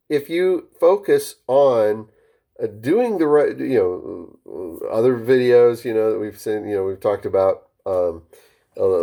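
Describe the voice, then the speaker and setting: Male sales-call coach, very lively pitch, mellow tone, loose talky delivery with restarts. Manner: varies pitch and speed on purpose, with many restarts. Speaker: network marketing phone-skills coach. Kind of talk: casual instructional talk to camera.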